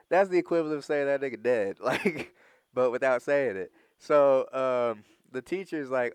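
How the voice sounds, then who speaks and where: Smooth-voiced young man telling a profane story. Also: mid-range voice, moderate pace, dry recording. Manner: animated, profane, laughing storyteller. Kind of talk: casual storytelling chat.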